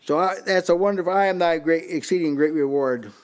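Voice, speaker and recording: An older man, speaking fairly quickly in a fairly high voice, delivers a sermon to a small house church. He reads out passages from several Bible translations and compares them, frequently restarting and repeating words.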